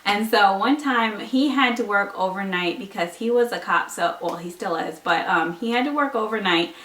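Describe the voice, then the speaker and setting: A woman's voice: medium pitch, moderate pace, a bit bright. A young woman telling a story to her vlog camera in a casual, giggly way, full of likes and ums. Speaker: vlogger. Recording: echoey room, mic a bit far.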